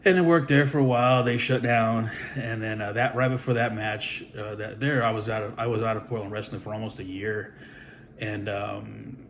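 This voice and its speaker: A man's voice: fairly low pitch, a little hiss or hum. A middle-aged man, a pro wrestler and trainer, telling a story in a rambling, casual way, full of swearing and fillers. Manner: rambling, profane, with many fillers.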